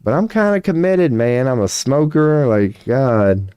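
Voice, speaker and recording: A man live-streaming tarot readings, chatting casually and reading chat aloud, his voice going hoarse as he keeps clearing his throat. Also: mid-range voice, animated, a little slow, warm tone, no echo, highs cut off. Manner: rambling, swears casually, laughs often, reads chat aloud.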